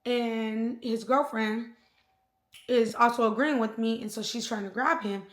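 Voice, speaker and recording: A woman vlogger telling a personal story in a casual, slangy, animated way. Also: fairly high pitch, a little slow, reverberant. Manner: chatty, slangy, animated retelling.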